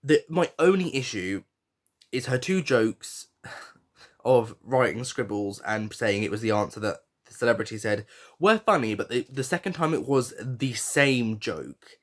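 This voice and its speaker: A man hosting a podcast reviews a reality show in casual chat, speaking frankly and swearing, with fillers and restarts. His voice is medium in pitch, animated, and a little slow.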